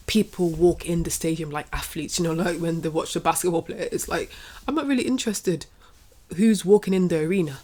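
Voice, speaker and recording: A woman's voice: fairly low pitch, fairly quick, darkish tone. A young adult woman hosting her own wrestling channel, giving an exasperated, opinionated rant that keeps repeating and trailing off. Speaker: wrestling commentary channel host. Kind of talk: opinionated casual rant to camera.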